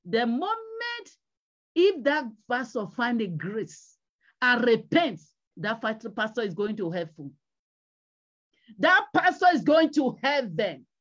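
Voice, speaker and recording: A high-pitched woman evangelist preaches a sermon, driving her points home through repetition and pleading exhortation. The recording sounds dull and lo-fi. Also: very animated, slow pace.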